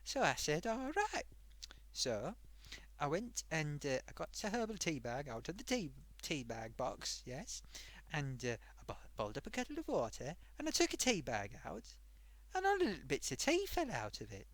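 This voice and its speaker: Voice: normal speed, dry recording. A performer voicing a chatty old grandmother sock puppet who hosts a live stream and tells a rambling story. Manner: rambling, animated, wild pitch swings.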